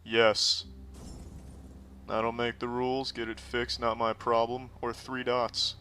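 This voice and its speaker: A man in his thirties giving deadpan, profanity-laced commentary while playing a game. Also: medium pitch, slow, a little hiss or hum. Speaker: streamer. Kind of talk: gameplay commentary.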